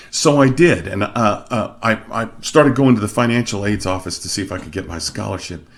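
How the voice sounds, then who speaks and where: A middle-aged male opera singer telling stories about his career in a self-deprecating, expressive monologue. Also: fairly low pitch, fairly quick. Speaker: opera singer hosting his own show. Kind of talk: storytelling monologue.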